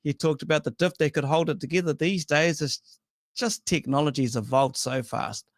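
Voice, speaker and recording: A man's voice: on the high side, normal speed, no room sound. Male host, matey and chatty, dry sound. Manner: matey, reads out viewer comments. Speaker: podcast host. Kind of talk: casual chat.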